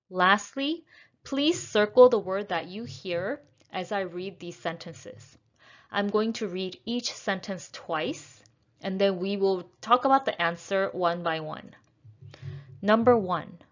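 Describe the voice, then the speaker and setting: Slow, deliberate woman teaching pronunciation. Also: mid-range voice, dull audio. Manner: deliberate, repeats words with shifted stress. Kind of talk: slow, careful pronunciation lesson.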